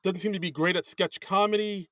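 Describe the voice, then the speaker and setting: A man's voice: sits high, fairly even intonation, a little fast, a bit bright, no room sound, studio quality. A man co-hosting a podcast, rambling casually with lots of hedges and restarts while critiquing a comedy show. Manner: rambling, hedging with many likes and restarts. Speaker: podcast co-host. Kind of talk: casual comedy review chat.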